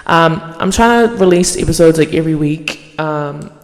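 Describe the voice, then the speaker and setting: A young woman hosting her podcast in a casual monologue, swearing freely and yapping in an animated way. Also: sits low, big-room sound. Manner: profane, animated, fast yapping. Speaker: podcast host.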